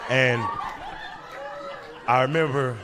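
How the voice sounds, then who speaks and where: A man doing stand-up, telling a long story and acting out the people in it with quick voice changes. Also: medium pitch, crowd noise, background noise. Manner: animated, acts out characters in quick voices, breaks into laughter. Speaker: stand-up comedian.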